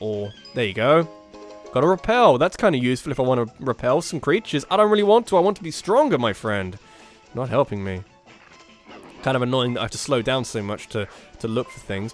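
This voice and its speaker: Faint game music sits behind a young gaming YouTuber whose mid-range voice is fairly quick and lively in intonation. He jokes and mocks himself while playing, swears casually, and performs the game's dialogue in put-on voices.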